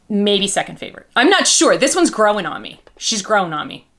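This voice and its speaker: Woman vlogger, doll reviews, goofy rambling chat, bright tone. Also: mid-range voice, very animated, fairly quick. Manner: chatty, goofy, rambling storytelling.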